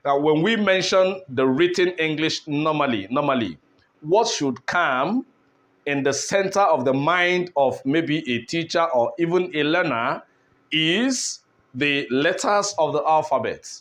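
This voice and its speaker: A man teaching an English lesson at a board, speaking deliberately, repeating key words and asking rhetorical questions. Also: on the high side, expressive, a bit bright.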